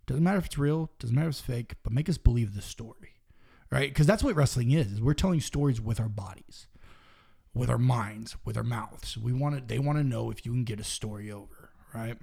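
A man's voice: mid-range voice, brisk, gravelly, dark tone, breathy edge. A young man, a professional wrestler, telling stories in casual, profane talk that drops to near-whispers. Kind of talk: casual storytelling.

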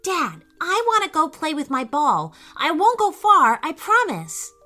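An eager three-year-old boy from a children's storybook, chatty and excitable, as a woman narrator puts him on. His high voice leaps around in pitch and sounds bright. Faint music plays underneath. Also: unhurried, full character voice. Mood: excited.

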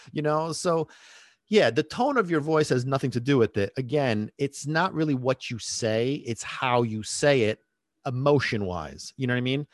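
A man's voice: on the high side, dry recording, studio quality. A man hosting a dog-training podcast, talking casually and rambling into side tangents, laughing at his own stories.

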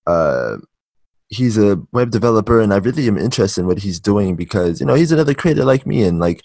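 A man hosting a casual interview podcast, relaxed and quick to laugh, with a slightly rough morning voice. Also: on the low side, no room sound. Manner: relaxed, laughs easily, many ums. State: shaking off morning voice. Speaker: podcast host.

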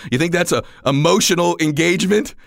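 A man in his forties giving a motivational talk, telling stories and acting out the dialogue, at times rising almost to a shout. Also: a little high, a little fast, creaky, no room sound, clean studio sound. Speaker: motivational speaker.

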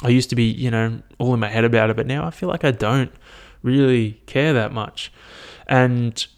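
Young man, solo podcast host, casual rambling chat, swears a lot, self-mocking, mid-pitched voice. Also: fairly even intonation, normal speed.

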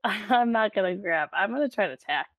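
A woman's voice: mid-range voice, expressive, a little fast, a bit bright, no echo, dull audio. A woman playing a tabletop game, wry and matter-of-fact. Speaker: player. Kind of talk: casual tabletop play.

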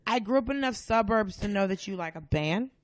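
A woman guest on a podcast, chatting casually and acting out the people in her stories in loud, lively voices. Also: medium pitch, fairly quick, dry recording, clean studio sound. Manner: animated storyteller, acts out quotes loudly. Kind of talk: casual chat.

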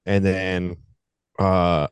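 Guy on a wrestling podcast, lowish smooth voice, dry close sound, chill and sarcastic. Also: flat delivery, very slow, no room sound. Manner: laid-back, sarcastic recapping with fillers. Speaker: podcast co-host. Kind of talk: casual wrestling podcast chat.

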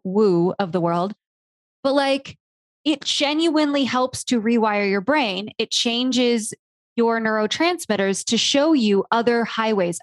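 A woman hosting a podcast interview, telling a playful, animated story with mild swearing. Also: a little high, no room sound, studio quality. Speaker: podcast host. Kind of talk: casual interview chat.

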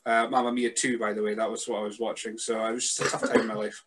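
A man hosting a podcast, chatting casually in a deadpan, joking way. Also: on the low side, fast talker, noisy background. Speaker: podcast host.

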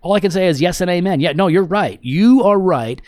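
A man's voice: high-pitched, animated, fairly quick, darkish tone, dry recording, clean studio sound. A man co-hosting a podcast in casual chat, joking and sarcastic, sometimes preachy. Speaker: podcast co-host.

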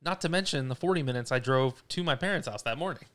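A man's voice: medium pitch, fast, a bit bright. A young man co-hosting a podcast, telling a driving story in casual, profane chat. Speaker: podcast co-host.

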